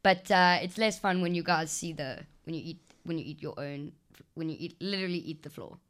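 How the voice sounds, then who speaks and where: A woman's voice: sits low, a little fast, noisy background. Chatty young woman telling stories. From South Africa. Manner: animated storytelling, many fillers and restarts. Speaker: podcast co-host. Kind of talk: casual chat.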